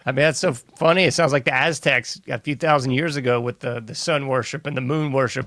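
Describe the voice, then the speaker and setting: Man, podcast host, loose eager chat, bright voice, dry sound. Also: mid-range voice, fairly even intonation, fairly quick, hardly any pauses, no room sound. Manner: enthusiastic, loose and chatty. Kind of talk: casual interview chat.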